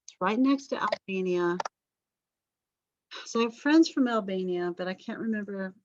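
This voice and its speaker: A woman's voice: mid-range voice, normal speed, background noise. A middle-aged woman teaching a history class, chatty and rambling with self-deprecating asides. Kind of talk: recorded class lecture. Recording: dry, slightly dull lecture recording.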